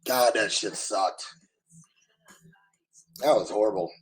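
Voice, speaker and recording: A man from the United States ranting bluntly at his live chat, his voice hoarse and damaged after covid, talking loudly so he can be heard and swearing freely. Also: fairly low pitch, takes it slowly, poor audio. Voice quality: husky, strained. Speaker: livestreamer answering chat. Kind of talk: casual live-stream rant.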